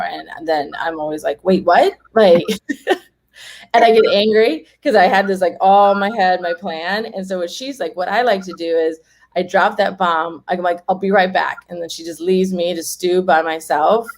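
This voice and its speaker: Chatty lady guest, lowish voice, keeps laughing and doing little voices for people. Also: darkish tone. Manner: chatty, laughs often, acts out quoted people. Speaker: home organizing guest. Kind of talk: casual interview chat.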